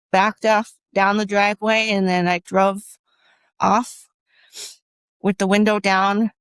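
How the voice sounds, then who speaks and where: A woman giving emotional personal testimony as an interview guest, speaking earnestly and haltingly with many restarts. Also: medium pitch, clear, resonant tone, no echo.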